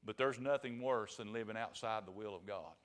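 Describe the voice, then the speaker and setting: A man's voice: fairly low pitch, fairly quick. A man preaching a sermon in a folksy, emphatic storytelling manner.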